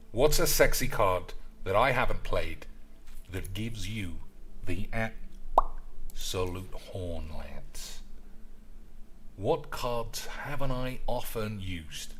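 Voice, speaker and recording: A man's voice: fairly low pitch, a bit bright. A man streaming as he builds a card game deck, rambling, joking, swearing and chatting to his audience in a casual way.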